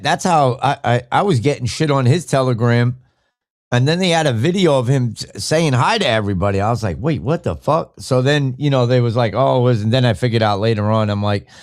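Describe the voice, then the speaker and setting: A man hosting a live podcast, chatting casually, rambling and swearing as he reacts to the chat. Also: mid-range voice. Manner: rambling, profane, reads chat aloud. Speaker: podcast host. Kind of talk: casual live-stream talk.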